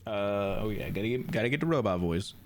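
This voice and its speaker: A man's voice: on the low side, lively intonation, a little fast, background noise. A man streaming a video game, chatting casually and rambling with lots of restarts. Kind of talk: casual chat.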